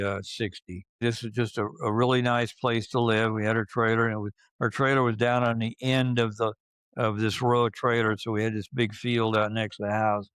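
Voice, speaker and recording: Unhurried older man in his seventies, smooth voice. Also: lowish voice, a bit bright, no echo. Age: 70s. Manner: halting, with many fillers and restarts. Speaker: interviewee recalling his youth. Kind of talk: casual reminiscing.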